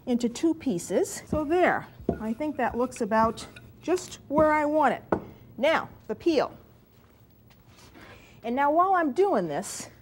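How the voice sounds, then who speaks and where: A woman's voice: high voice, slight background noise. A middle-aged woman hosting a cooking show, chatty and enthusiastic as she talks viewers through each step in a studio kitchen. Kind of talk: cooking demonstration.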